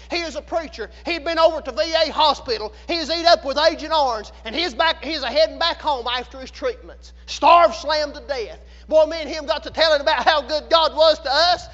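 A man preaching a sermon, fervent, swinging from shouts to a hush. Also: very high voice, brisk, hardly any pauses. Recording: echoey hall, dull lo-fi sound.

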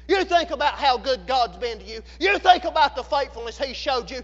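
A man preaching a sermon, fervent, swinging from shouts to a hush. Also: very high-pitched, animated, fairly quick, hardly any pauses. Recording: echoey hall, dull lo-fi sound.

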